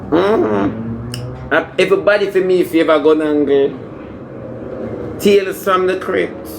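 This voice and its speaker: A man playing a brash, demanding Jamaican woman in a comedy skit, talking in loud patois banter that moves between scolding and wheedling. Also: a little high, unhurried, gravelly, noisy background. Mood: flirtatious.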